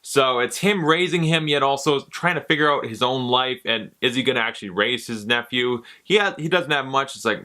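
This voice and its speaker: A young man talks through a movie review in a relaxed, offhand way. He drops sarcastic asides and casual swearing. His tone is bright and sharp at a middling pitch. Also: a little fast, hardly any pauses.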